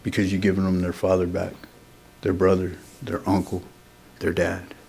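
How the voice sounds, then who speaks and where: This is a middle-aged man with a fairly low voice. He shares his story at a meeting in a loose, earnest, conversational way, peppering his sentences with "man" and "you know". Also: completely flat delivery, normal speed, creaky, a little mellow, slight background noise. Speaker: AA meeting speaker. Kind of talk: sharing a recovery story at a meeting.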